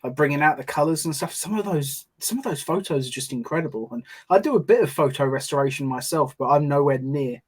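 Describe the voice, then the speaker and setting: A man's voice: on the high side, expressive, fast, few pauses, husky. A man hosting a podcast, chatting in an easygoing, friendly way. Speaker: podcast host. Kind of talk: casual podcast chat.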